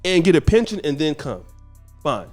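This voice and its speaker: Man, blunt, animated, swears, slightly high voice, faint music. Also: normal speed. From United States. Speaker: podcast co-host. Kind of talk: casual podcast chat.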